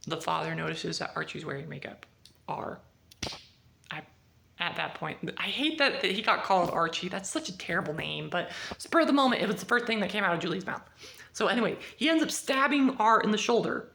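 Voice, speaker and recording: A woman talking through a book review in a casual, chatty vlog, acting out the dialogue with sudden jumps in pitch. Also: gravelly, a bit bright, slight background noise.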